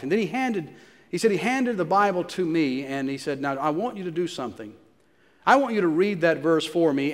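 A pastor preaching a sermon, telling a story and repeating phrases for emphasis. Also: male voice, a little high, long reverb tail.

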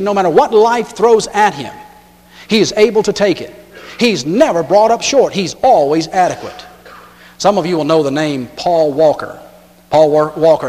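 High-voiced preacher in a reverberant hall. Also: male voice. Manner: storytelling, acts out lines with sudden loud shifts. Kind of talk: sermon. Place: church.

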